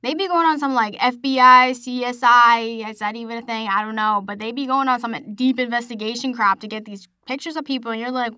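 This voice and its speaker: A woman's voice: fairly high pitch, fast talker, few pauses, sharp tone, no room sound, studio quality. A young woman from Massachusetts hosting her own podcast, chatting casually and rambling with lots of "like". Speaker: podcast host. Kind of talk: casual solo podcast chat.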